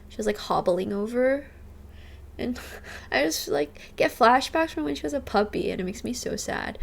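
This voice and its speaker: A woman's voice: on the high side, expressive, normal speed, vocal fry. A woman in her twenties chatting casually with her stream viewers, bubbly and full of "like", thanking subscribers by name. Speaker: livestreamer. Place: rented apartment.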